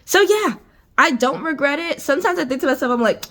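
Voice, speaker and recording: A young American woman in her twenties tells a story straight to her camera from an indoor room. Her voice sits fairly high, and she talks in a chatty, exasperated way, packed with "like" and "I was just like". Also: expressive, brisk, sharp tone. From United States. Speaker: vlogger. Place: indoor room with adjustable lighting.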